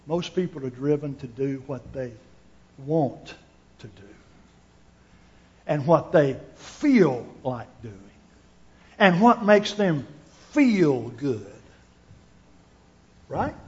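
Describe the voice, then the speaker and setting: A man's voice: a little high, animated, extremely slow, pauses often. A man preaching a sermon to his congregation, earnest, restarting his words and putting questions to the listeners. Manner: earnest, repeats words while thinking, asks the listeners questions. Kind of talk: sermon with scripture reading. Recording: dull lo-fi recording.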